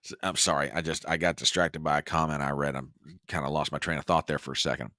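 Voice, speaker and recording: A man hosting a casual political commentary show, talking to his listeners in a folksy, animated way. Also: extremely low pitch, fast, no echo, studio quality. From United States. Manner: animated, folksy, talks to the audience as "y'all". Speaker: podcast host.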